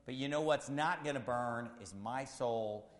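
A male pastor preaching an impassioned sermon, swinging between loud shouts and quiet, low asides. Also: unhurried. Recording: long hall reverb.

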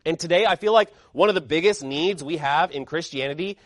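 Male pastor, high-pitched, punchy rhetorical sermon delivery, dry close sound. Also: brisk, no echo. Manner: emphatic, fiery preaching with rhetorical questions.

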